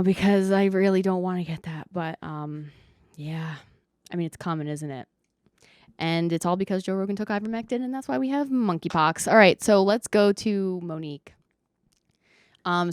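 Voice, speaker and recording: A woman's voice: medium pitch, darkish tone, clean tone, no room sound, clean studio sound. A woman podcast host rambling through a sarcastic comedic monologue and swearing freely.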